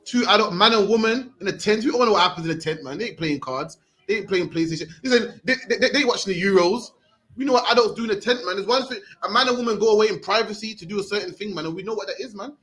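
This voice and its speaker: High-pitched and rapid-fire, his fairly bright voice carries his street preaching. This emphatic British man in his thirties tags "man" onto his sentences again and again.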